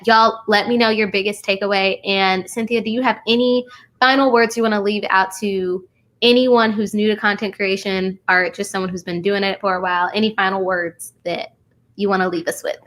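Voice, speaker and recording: A woman's voice: mid-range voice, fairly even intonation, fairly quick, fairly bright tone. A woman hosting a casual live stream, enthusiastic, reading viewer comments aloud and saying "y'all.". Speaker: host.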